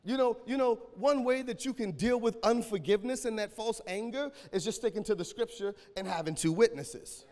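Male pastor, high voice, AAVE, shouting sermon with a cracking voice, echoing church hall. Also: brisk, few pauses. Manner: preaching with call-and-response and sudden shouts.

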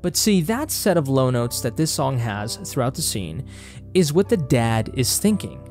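A young man hosting a casual film analysis vlog, talking in an animated, rambling way and swearing casually. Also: mid-range voice, a little slow, faint music behind. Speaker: film reaction host.

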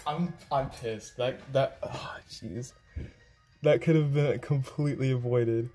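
A man giving live gameplay commentary, excitable and quick to groan and exclaim. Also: medium pitch, breathy edge, soft background music. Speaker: game video creator.

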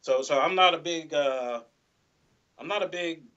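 Rambling, bright-voiced man in a lo-fi recording. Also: fairly high pitch, measured pace. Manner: rambling, many "you know"s and restarts. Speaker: guest guitarist. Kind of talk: casual interview chat.

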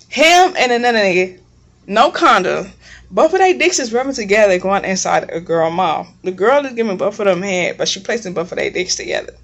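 A young woman vlogger telling a long story in a casual, blunt and profane way, rambling as she goes. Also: medium pitch. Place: home kitchen.

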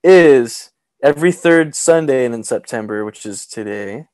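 A man co-hosting a casual podcast, joking around in a playful, animated way. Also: mid-range voice, unhurried, dry recording. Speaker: podcast co-host.

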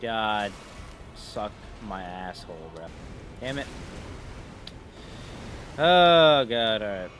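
This young man streams games in a lowish, fairly bright voice at a slow pace, with slight background noise. His commentary is profane and frustrated, full of mocking trash talk aimed at the bosses.

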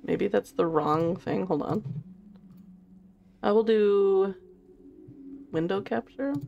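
A woman's voice: mid-range voice, slow, creaky, lo-fi sound, slight background noise. A woman streaming a horror game in a giggly, chatty way, swearing casually as she plays. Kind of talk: casual live-stream chat.

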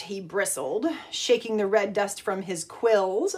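A woman's voice: mid-range voice, slow pace, few pauses, husky. A woman teacher reading a picture book aloud and pointing out the pictures, then leading an art lesson. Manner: expressive storyteller, pointing out pictures.

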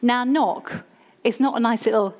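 A woman preacher giving a sermon, leading her congregation in call-and-response with a playful, energetic manner. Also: on the high side, normal speed. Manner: lively, leads call-and-response, jokes with the congregation. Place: church service.

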